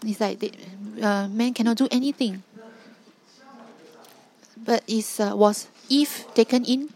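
A woman's voice: a little high, a little slow, darkish tone. A woman preaching a sermon, emphatic and driving points home with repeated rhetorical questions.

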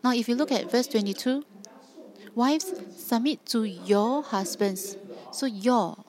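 A woman's voice: fairly high pitch, slow, a crowd in the background. Earnest woman preaching with emphatic repetition. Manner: earnest, emphatic, repeats phrases for stress. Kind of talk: sermon.

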